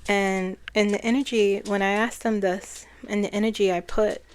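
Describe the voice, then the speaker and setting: A woman who is a spiritual channeler, talking in a soft-spoken, reflective way and laughing often. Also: mid-range voice, little pitch movement, moderate pace, slight background noise. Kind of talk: casual spiritual talk.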